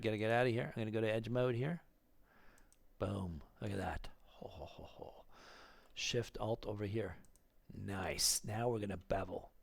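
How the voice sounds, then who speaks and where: A man teaching 3D modelling in a screen-recorded tutorial, thinking aloud, counting clicks under his breath and getting excited at the results. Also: fairly low pitch, creaky, no echo. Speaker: 3D modelling instructor.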